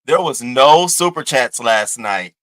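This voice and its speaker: A man's voice: medium pitch, animated, slow, a bit bright, poor audio. A young man hosting a livestream, delivering brash, profane, taunting trash talk at a rival. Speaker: live-stream host. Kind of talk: heated livestream rant.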